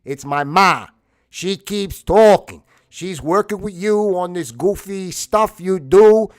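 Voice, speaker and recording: A man's voice: sits high, slow pace, pitched above the performer's own voice. A man voicing a short-tempered male tough-guy businessman who blusters and issues repeated threats. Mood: angry.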